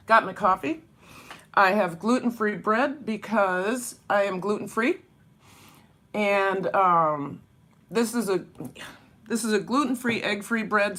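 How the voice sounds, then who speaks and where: A woman's voice: medium pitch, fairly bright tone. A woman vlogging casually over breakfast at home, chatty and rambling, laughing often. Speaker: vlogger and dance teacher.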